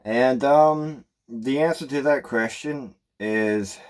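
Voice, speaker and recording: A man's voice: medium pitch, takes it slowly, darkish tone. A man talking casually to his viewers in a vlog, rambling with many fillers and restarts. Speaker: YouTuber. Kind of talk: casual vlog talk to camera.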